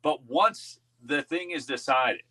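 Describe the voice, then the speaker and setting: A man's voice: a little high, animated, takes it slowly, pushed and bright. A man hosting a political talk show, chatting casually, calling listeners folks and reading sponsor plugs.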